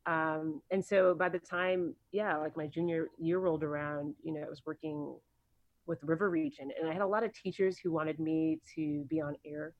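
A woman's voice: low voice, fairly even intonation, normal speed, no room sound, muffled recording. A woman guest on a podcast, telling stories from her career in a chatty, rambling way with many ums and likes. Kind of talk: casual interview storytelling.

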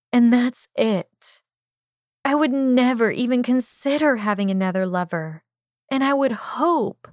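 A woman reading fan fiction aloud, voicing an earnest, defensive young woman lover with a higher, pleading delivery. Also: darkish tone, no room sound, studio quality.

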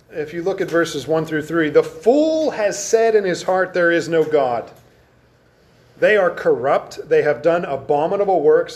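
A man teaching an adult Sunday school class, reading scripture aloud and slowing down to stress key words. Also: on the high side. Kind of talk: Bible lesson to an adult class. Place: church classroom.

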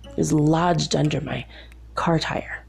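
Gravelly low-voiced young woman storyteller. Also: fairly even intonation, slow pace, soft background music. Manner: chatty, laughs often between remarks. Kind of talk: casual personal storytelling.

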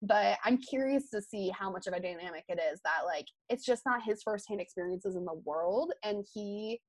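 A woman's voice: medium pitch, normal speed, no room sound. Chatty young woman, dry sound. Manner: chatty and animated, many "like" fillers. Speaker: podcast host. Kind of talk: casual podcast chat.

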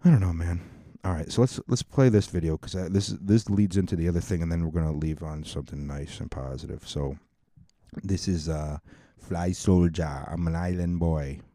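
A man's voice: sits low, brisk, warm tone, no echo, clean studio sound. A man in his thirties hosting a podcast, telling crude, rambling, comedic stories in a mocking tone. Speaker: podcast host. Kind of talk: casual comedic storytelling.

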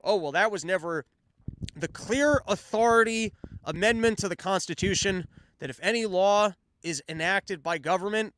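A man's voice: sits high, normal speed, fairly bright tone, slight background noise. A man hosting his own show, commenting on the news in a sarcastic, profane rant. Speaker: podcast host.

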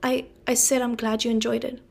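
A woman's voice: on the high side, level tone, brisk, gravelly. A woman voicing a timid, polite young boy who speaks hesitantly.

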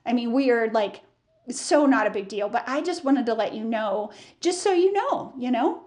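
A woman's voice: on the high side, animated, moderate pace, a little mellow, lightly acted. A woman voicing a friendly female coffee shop customer who talks in a breezy, reassuring way.

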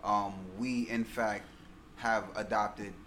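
A man's voice: lowish voice, level tone, slow, fairly bright tone. A young man with a New York accent chatting casually, joking, laughing and stumbling over restarts. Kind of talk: casual chat. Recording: background noise.

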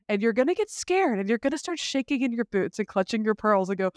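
A man's voice: sits high, lively intonation, fast talker, few pauses, dry recording, studio quality. A man co-hosting a film podcast, chatting casually and animatedly with lots of restarts and the odd swear. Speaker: podcast co-host.

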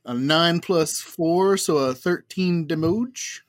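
A man's voice: on the high side, slow, no room sound, clean studio sound. A man playing a tabletop game, describing his character's actions with playful banter. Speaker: player. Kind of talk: casual tabletop play.

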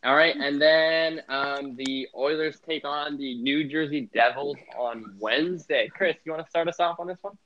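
A man's voice: fairly high pitch, moderate pace, few pauses. Young man hosting, muffled lo-fi. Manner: rambling, many filler words. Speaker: podcast host. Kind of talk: casual sports podcast chat. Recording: muffled lo-fi sound.

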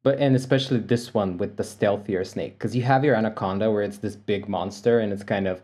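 A man co-hosting a film podcast, excitable and swearing casually. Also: lowish voice, very fast, hardly any pauses. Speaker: podcast co-host.

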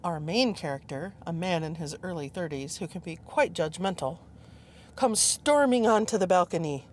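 A woman in her fifties hosts a podcast in a casual, chatty style. She tells her stories playfully and pokes fun at herself. Her voice sits somewhat low for a woman. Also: animated, moderate pace, slight background noise. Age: 50s. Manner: playful, chatty, self-mocking. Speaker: podcast host.

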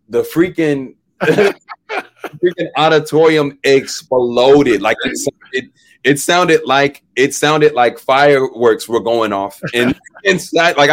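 A man's voice: mid-range voice, fairly bright tone, dry recording. Young guy telling a story on a podcast, laughs a lot, acts out the quotes, dry close mic. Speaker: guest musician. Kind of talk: casual interview storytelling.

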